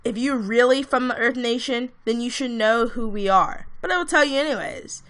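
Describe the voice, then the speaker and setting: A woman's voice: a little high, moderate pace, fairly bright tone, voice pushed up, close to an everyday voice. A woman reading as a brash, bossy teen princess. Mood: cocky.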